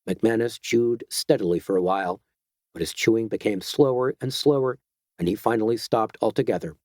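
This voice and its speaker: A man narrating an audiobook in a measured, even storytelling voice. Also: lowish voice, no echo, studio quality. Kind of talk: scripted narration.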